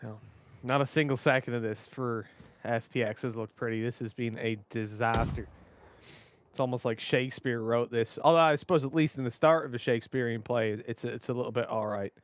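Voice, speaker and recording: A man with an Irish accent giving animated, joking color commentary on an esports match. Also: medium pitch, a little fast, no room sound. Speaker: esports caster.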